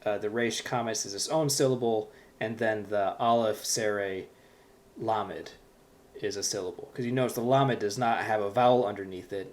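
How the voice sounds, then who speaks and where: A man teaching a Hebrew reading lesson, patiently explaining step by step with frequent fillers. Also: fairly low pitch.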